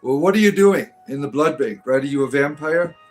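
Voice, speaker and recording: A man's voice: fairly high pitch, brisk, soft background music. A man hosting a livestream, reading chat aloud and answering with crude, sarcastic humor and preachy rants.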